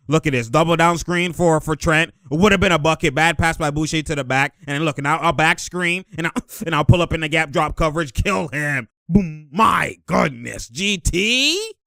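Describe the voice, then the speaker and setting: Man, casual basketball film breakdown, excitable, slangy, laughs a lot, slightly high voice, smooth, dry close sound. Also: no room sound. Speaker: host breaking down game footage.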